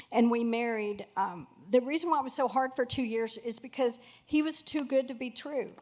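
A middle-aged woman sharing her personal testimony in a candid, heartfelt way. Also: a little high. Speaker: pastor's wife sharing testimony.

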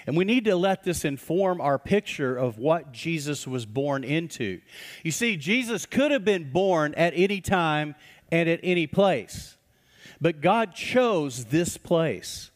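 A man, a pastor preaching a sermon in a church and telling folksy stories with acted-out voices. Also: on the high side. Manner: folksy storytelling, acts out quoted voices. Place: church sanctuary. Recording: reverberant church hall.

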